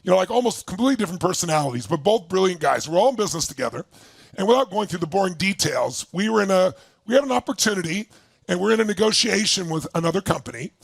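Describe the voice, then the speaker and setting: Gravelly raspy guy telling a story, high lively voice jumping all over, dry sound. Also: fast talker, no room sound. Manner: emphatic, acts out quotes with big swings in pitch. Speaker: motivational speaker. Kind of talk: animated storytelling to a live audience.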